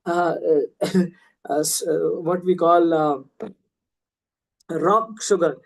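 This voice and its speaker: A man's voice: on the high side, slow pace, creaky, poor audio. Man, casual scripture teacher on a video call, chatty, hesitant, lots of ums. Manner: chatty, hesitant with many fillers. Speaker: class teacher. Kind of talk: scripture class storytelling.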